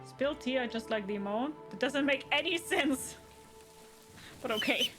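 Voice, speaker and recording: A woman's voice: high-pitched, normal speed, over music. A woman with a German accent chatting casually while streaming a game, thinking aloud and answering her chat. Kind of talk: casual gaming livestream chat.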